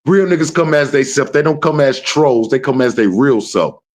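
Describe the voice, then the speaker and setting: A man's voice: mid-range voice, expressive, normal speed. A man hosting a live stream, ranting at trolls in a brash, profane and confrontational way. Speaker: livestream host.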